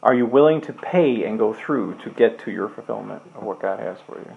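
A man's voice: lowish voice, animated, a little fast, vocal fry, phone-quality sound. A man preaching a casual, earnest sermon, reading scripture and leading a closing prayer. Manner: earnest, loose and conversational, with restarts.

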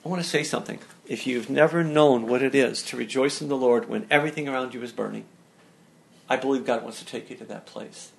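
Emphatic gravelly-voiced male preacher. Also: medium pitch, brisk. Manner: emphatic, repeats and restarts words. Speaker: pastor. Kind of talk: sermon.

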